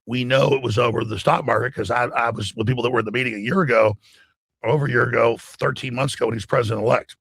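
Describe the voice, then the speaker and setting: A man with a gravelly, raspy voice delivering an emphatic, excited monologue as a talk show guest. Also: mid-range voice, fast talker, no room sound. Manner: emphatic, acts out quoted voices.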